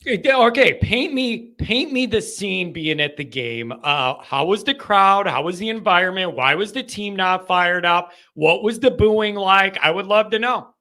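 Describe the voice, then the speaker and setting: A man's voice: sits high, animated, measured pace, hardly any pauses, sharp tone. A male host of a live sports call-in show, talking in a frustrated, rambling way with many restarts. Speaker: podcast host.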